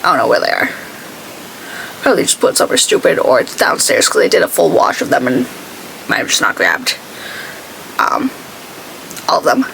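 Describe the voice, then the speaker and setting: A woman's voice: rumbling low, wildly swooping pitch, moderate pace, vocal fry, long pauses, fairly bright tone, a little hiss or hum, low-quality recording. A woman beauty vlogger chatting casually while she does her makeup, telling stories and acting out what other people said. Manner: chatty storytelling, acts out quoted people.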